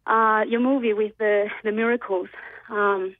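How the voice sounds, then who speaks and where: A woman's voice: medium pitch, steady tone, unhurried, no echo. A nervous woman calling in from Australia to a radio show, telling a story with many hesitant ums. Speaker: radio caller. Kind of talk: call-in storytelling. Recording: tinny phone line.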